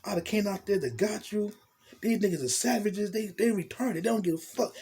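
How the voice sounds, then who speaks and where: A man voicing a worried young woman who apologizes over the phone, fretful and quick. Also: high voice, a little mellow, a little hiss or hum, pitched above the performer's own voice, close to an everyday voice. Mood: apologetic.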